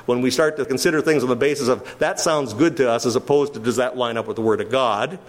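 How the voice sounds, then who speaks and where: A man's voice: medium pitch, quick pace. A man preaching an expository sermon to a church congregation, stressing key words with emphasis and putting questions to his listeners. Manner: emphatic, explains the original wording, asks the congregation questions. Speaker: pastor.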